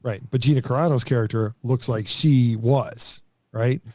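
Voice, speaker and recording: Mellow-voiced man explaining on a podcast. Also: medium pitch, dry recording, studio quality. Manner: measured, explaining, fillers like um. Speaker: podcast co-host. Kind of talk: casual chat.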